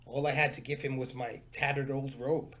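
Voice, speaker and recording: A man voicing a kind, simple old hermit in a storybook reading, speaking warmly and wistfully. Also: mid-range voice, fairly even intonation, normal speed, pitched below the performer's own voice, natural voice. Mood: welcoming.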